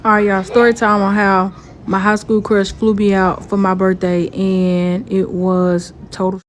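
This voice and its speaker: A woman's voice: medium pitch, little pitch movement, a little slow, slight background noise. Blunt joking woman starting a story. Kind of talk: casual storytime.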